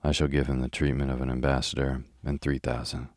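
A man reading the lines of a brisk, decisive American millionaire, curt and matter-of-fact, in a calm audiobook style. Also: very deep voice, no echo, clean studio sound.

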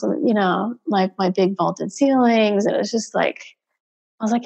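A woman's voice: mid-range voice, moderate pace, gravelly, a little mellow. A middle-aged woman, a mother of two, telling a candid personal story in rambling, hesitant bursts and acting out the dialogue she remembers. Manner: rambling, acts out quoted dialogue, hesitant restarts.

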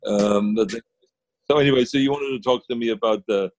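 A man's voice: medium pitch, fairly quick, a little mellow. A man, chatting casually as a guest on a video call, rambling with many fillers and restarts. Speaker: guest, former governor.

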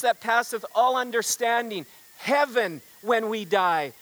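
High-voiced pastor preaching a sermon. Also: male voice, a little slow, few pauses, fairly bright tone, low-quality recording. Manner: storytelling with congregation call-and-response; frequent repeated words and restarts.

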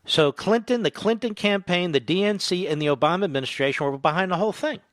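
A man hosts a political talk show, firing off a combative, indignant monologue into a studio mic. His voice sits high and moves fast, emphatic and rising to loud outrage. The recording is dry.

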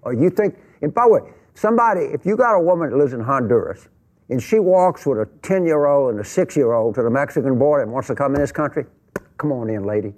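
Emphatic man with a lively voice. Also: on the high side, fast. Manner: emphatic, repeats himself, voice rising when pressed. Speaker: panel guest. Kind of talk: heated panel discussion. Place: tv studio panel.

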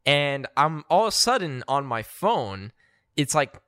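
A man from New Jersey co-hosting a podcast, telling a story with lively laughs. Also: fairly high pitch, measured pace, no room sound, clean studio sound. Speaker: podcast co-host. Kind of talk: casual chat.

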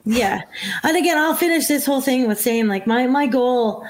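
Earnest woman, higher voice. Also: normal speed, a little hiss or hum. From Newfoundland. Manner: earnest, animated storytelling with frequent fillers. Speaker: singer guest. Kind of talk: casual podcast chat.

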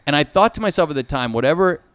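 Animated middle-aged male storyteller. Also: on the high side, fast, clean tone, no echo, clean studio sound. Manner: animated anecdote-telling, acts out voices, laughs often. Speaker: sitcom showrunner and podcast guest. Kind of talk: casual storytelling chat.

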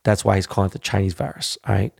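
A man's voice: low voice, fairly even intonation, rapid-fire, vocal fry, darkish tone, breathy edge, no echo, clean studio sound. A man hosting a podcast, ranting bluntly and swearing heavily, punctuating points with "all right?" and "you know?". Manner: frequent tag questions like "all right?". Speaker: podcast host. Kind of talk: profane monologue.

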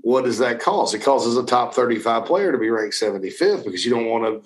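A man's voice: medium pitch, expressive, fairly quick, rough recording. A middle-aged man hosting a casual talk show, answering viewer questions in a rambling way with many restarts and fillers. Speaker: recruiting analyst host.

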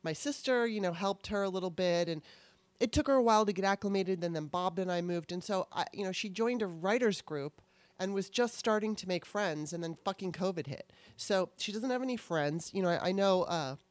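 Middle-aged woman co-host, casual, candid and rambling, swears a lot; mid-pitched, dry close sound. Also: a little fast, no room sound. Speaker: podcast co-host. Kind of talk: casual chat.

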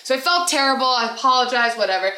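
A woman co-hosting a casual podcast chat. She tells her stories with energy and acts out the voices of the people in them. Her voice is bright and a little high, and it echoes in the room. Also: fast talker. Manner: animated storyteller acting out quotes. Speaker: podcast co-host.

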